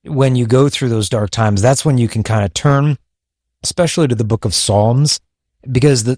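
A man talks in an earnest, reflective way on a faith podcast, often restarting his sentences as he thinks aloud. His voice sits in a middle pitch and sounds close and dry, with no room sound around it. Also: moderate pace, darkish tone, no room sound. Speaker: podcast co-host. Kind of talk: faith-based podcast conversation.

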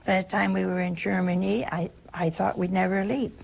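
At normal speed and in a level tone, this older US religious sister speaks at medium pitch with vocal fry. She shares an informal spiritual talk in a chatty way, leaning on anecdotes and gentle humor.

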